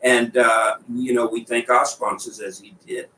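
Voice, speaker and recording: A man's voice: mid-range voice, little pitch movement, a little slow, sharp tone, distant mic. Teasing man DJ, echoey and off-mic. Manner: teasing, laughs often. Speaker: radio DJ and co-host. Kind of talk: casual on-air banter.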